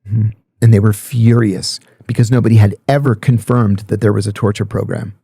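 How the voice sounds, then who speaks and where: A middle-aged man, a podcast guest, telling a story in a blunt, animated way with some swearing. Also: lowish voice, a little fast, creaky, husky, dry recording. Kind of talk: storytelling in casual chat.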